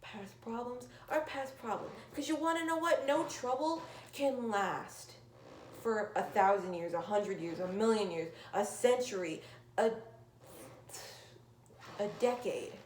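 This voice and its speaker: A woman giving an earnest, emphatic motivational talk that swings from loud urging to soft, near-whispered lines. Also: mid-range voice, lively intonation, unhurried, echoey room, a little hiss or hum. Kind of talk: motivational monologue.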